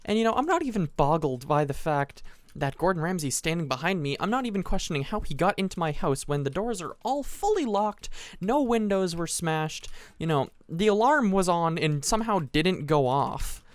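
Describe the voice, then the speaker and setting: A teenage boy telling a long, rambling story as casual commentary over a game he is playing, animated, restarting sentences and adding asides. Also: fairly high pitch, normal speed, no echo. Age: teens. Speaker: gaming channel host.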